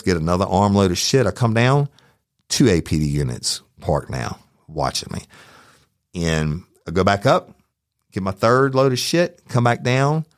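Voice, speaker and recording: Fired-up deep-voiced man. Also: dry recording, clean studio sound. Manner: profane, heated, animated retelling. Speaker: true crime podcast host. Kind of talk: storytelling, casual monologue.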